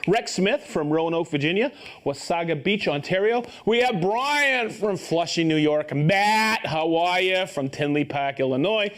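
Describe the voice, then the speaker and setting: A man's voice: high-pitched, lively intonation, unhurried, fairly bright tone. A man hosting a live stream, upbeat and joking as he reads out viewers' names and hometowns and stumbles over some of them. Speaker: host of a live tool show.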